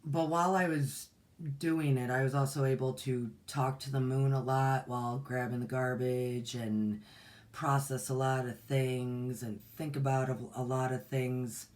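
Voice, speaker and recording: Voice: mid-range voice, fairly even intonation, unhurried, a little mellow. Folksy, rambling meditation teacher in their forties. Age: 40s. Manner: folksy and rambling, with many fillers and restarts. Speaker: meditation teacher and channel host. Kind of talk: casual livestream talk.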